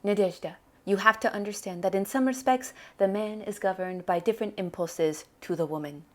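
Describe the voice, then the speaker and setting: A woman reading aloud and voicing an excitable, stubborn 84-year-old father who speaks in broken English. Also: mid-range voice, brisk, lightly acted. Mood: lecturing. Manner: broken English, insistent, snappish.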